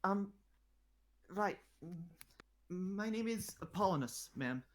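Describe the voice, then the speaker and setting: A man voicing an awestruck, excitable teenage boy who stammers nervously and eagerly. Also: high voice, slow pace, pitched above the performer's own voice. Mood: stammering.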